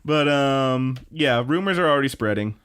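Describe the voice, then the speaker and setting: Excitable man laughing through an anime recap. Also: mid-range voice, normal speed, a little hiss or hum. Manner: excited, laughing, swearing, lots of "like" and "uh". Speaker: podcast co-host. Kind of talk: casual podcast chat recapping an anime.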